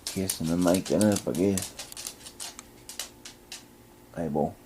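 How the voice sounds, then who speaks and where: A man vlogging casually with a camcorder, chatting to his dogs and hushing his voice indoors. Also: deep voice, takes it slowly, slight background noise. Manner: talks to his dogs in a coaxing voice, drops to a hush indoors. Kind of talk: casual vlog narration to camera. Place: house indoors, then backyard outdoors. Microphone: handheld camcorder mic.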